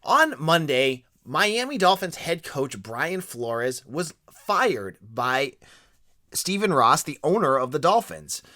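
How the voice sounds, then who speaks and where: A man with a Boston accent talks through sports news as a podcast host, his voice bright and forceful as it swings widely in pitch. He is opinionated and casual, often restarting his sentences. The recording is dry and close. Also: big pitch swings, slow, no room sound.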